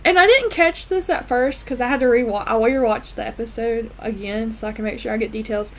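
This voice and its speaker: A woman's voice: a little high, fairly quick, rough recording. A woman casually recapping and reacting to a TV episode, enthusiastic and full of fillers as she retells scenes. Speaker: TV episode reviewer.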